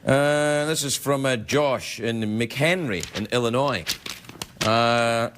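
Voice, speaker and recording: A man hosting a late-night talk show, rambling through viewer emails with a jokey, playful manner. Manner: playful, rambling, jokey, quick pitch jumps. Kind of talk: comic monologue reading viewer emails. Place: TV studio with live audience. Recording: broadcast with loud audience laughter and noise.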